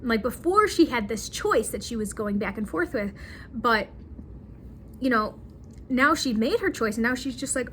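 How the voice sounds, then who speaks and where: A woman's voice: on the high side, expressive, moderate pace, a bit bright, a little hiss or hum. A woman chattily recapping a movie, acting out the characters' lines with drama. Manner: chatty, dramatic retelling with acted quotes. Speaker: movie reviewer.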